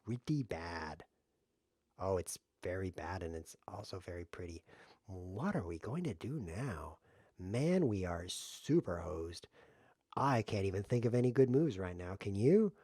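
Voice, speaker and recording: A man talks through his own chess moves on a live stream, cracking jokes at his own expense and laughing along the way. His pitch jumps around animatedly. The sound is dry and close, with no room in it. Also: very animated, measured pace, mellow, slightly rough, no room sound. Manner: jokey self-mocking play-by-play, laughs often. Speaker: streamer playing chess variants. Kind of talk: casual live game commentary.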